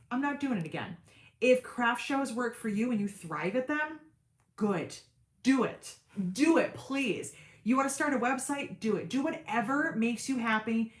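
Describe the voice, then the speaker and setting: A woman's voice: fairly high pitch, reverberant. A woman hosting a craft channel, chatting casually with viewers and retelling conversations in a talkative storytelling way. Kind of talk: casual livestream chat.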